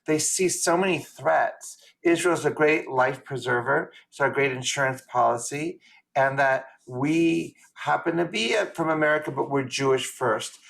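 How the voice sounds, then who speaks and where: Earnest man talking fast on a call. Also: fairly high pitch, gravelly, a bit bright. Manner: quick, earnest, opinionated with restarts. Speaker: rabbi, class participant. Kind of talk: discussion in an online class. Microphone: video call.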